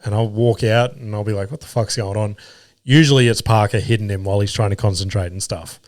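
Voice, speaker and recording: A man's voice: lowish voice, fairly even intonation, a little fast, darkish tone, no echo, studio quality. A man hosting his own podcast, telling home and comedy stories in a casual, sweary way and laughing at himself. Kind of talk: casual solo podcast storytelling.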